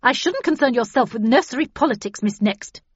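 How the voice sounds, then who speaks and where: Pitched higher than her natural voice, this woman's take on the irascible, car-mad old spinster is curt and brusque, with lively intonation. She speaks at normal speed with a slightly rough quality, and the lo-fi recording is dry and dull.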